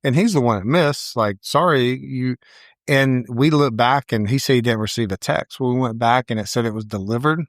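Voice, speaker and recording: A middle-aged man, a salon owner and podcast co-host, telling a story in casual chat, animated and acting out quoted voices. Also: medium pitch, moderate pace, no echo, clean studio sound.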